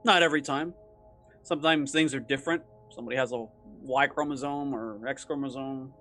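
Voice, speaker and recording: A man's voice: medium pitch, fairly even intonation, fairly quick, sharp tone, soft background music. A man narrating a tabletop game as game master, casual and chuckly, with lots of fillers.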